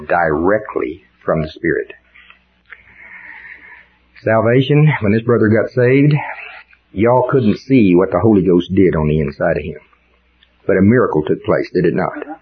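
A man's voice: fairly low pitch, slightly rough. Older man preaching, fervent folksy sermon. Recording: dull lo-fi sound.

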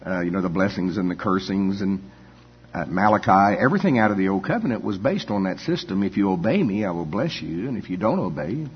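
Brief: older male pastor, low husky voice, chatty folksy delivery, dull echoey church hall. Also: animated, a little fast. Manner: folksy, full of "you know" asides and chuckles. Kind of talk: conversational sermon.

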